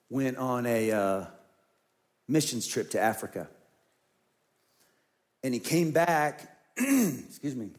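A middle-aged senior pastor with a mid-range voice preaches a sermon, earnestly telling a personal story and often repeating phrases.

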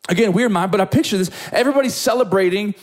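A man's voice: high-pitched, racing. A young man preaching a sermon to young adults, telling a story with lots of energy and stammered repeats.

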